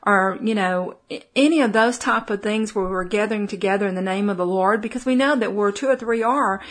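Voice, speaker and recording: A woman's voice: medium pitch, brisk. Middle-aged Texan woman preacher, easygoing conversational sermon delivery, plenty of ums and restarts, mid-range voice. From Texas. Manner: folksy, many fillers and restarts. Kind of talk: conversational Bible teaching.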